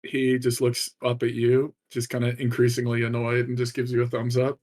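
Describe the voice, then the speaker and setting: A man's voice: mid-range voice, completely flat delivery, normal speed, a little mellow. A man running a tabletop game as dungeon master, talking casually with lots of fillers. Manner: casual, lots of "uh" and "like", laughs along.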